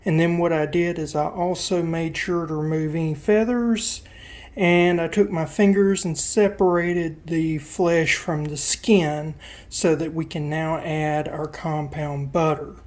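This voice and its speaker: A man with a Southern US accent, casually explaining a cook as he works, folksy and relaxed. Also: fairly high pitch, unhurried. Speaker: cooking vlogger. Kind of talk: casual cooking demonstration.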